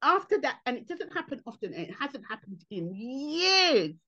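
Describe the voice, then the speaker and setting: A woman comedian, answering interview questions in an animated way and acting out other people's voices. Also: sits high, moderate pace, lo-fi sound.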